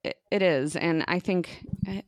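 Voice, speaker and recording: A chatty American woman with a notably low voice, leaning on filler words and laughing easily as she co-hosts a podcast. The sound is dry and close, with no room around it. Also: unhurried, no echo. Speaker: podcast co-host. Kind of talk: casual chat.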